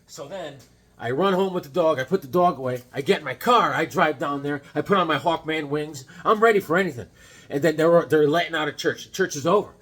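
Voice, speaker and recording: A man hosts a casual comic-collecting vlog in a slightly high-pitched voice. He rambles, hopping from a personal anecdote to flipping through old issues and back again. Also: a little fast, fairly bright tone. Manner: rambling, chatty, jumps between stories and comics. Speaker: comic book vlogger. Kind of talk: casual show-and-tell chat.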